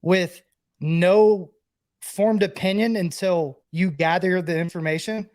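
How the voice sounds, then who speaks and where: A man's voice: high voice, fairly even intonation, slow, a little mellow. A man co-hosting a sports podcast, a former player turned broadcaster who talks in a loose, rambling way full of "like". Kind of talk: casual sports podcast chat.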